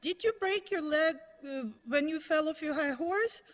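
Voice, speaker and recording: A woman's voice: high-pitched, lively intonation, moderate pace, big-room sound. A woman voicing a rude woman on a bus who mocks a fellow rider. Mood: taunting.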